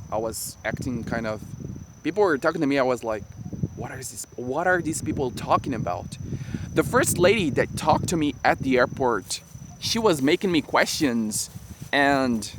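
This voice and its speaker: Brazilian man vlogging outdoors among crickets. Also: medium pitch. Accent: Brazilian Portuguese. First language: Portuguese. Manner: chatty, friendly, talks in restarts. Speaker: travel vlogger. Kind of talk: casual storytelling to camera. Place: outdoors in nature. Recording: outdoor recording with insect noise. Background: crickets and insects, passing vehicles.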